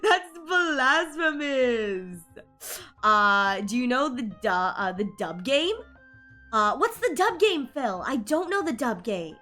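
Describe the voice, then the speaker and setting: A woman live-streaming, chatting casually and rambling excitedly over her game pulls, while sick. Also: fairly high pitch, a little slow, soft background music.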